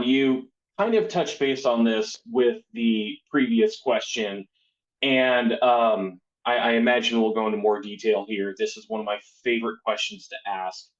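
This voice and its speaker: A man hosting a podcast interview, affirming and unhurried in a casual way. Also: on the low side. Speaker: podcast host. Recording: dull lo-fi from a poor microphone.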